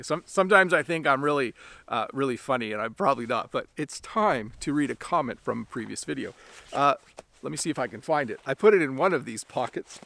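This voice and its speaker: Man teaching English, gravelly and dry. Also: on the high side, no echo. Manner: relaxed, self-deprecating, explains with many example sentences. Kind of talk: casual spoken English lesson. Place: outdoors.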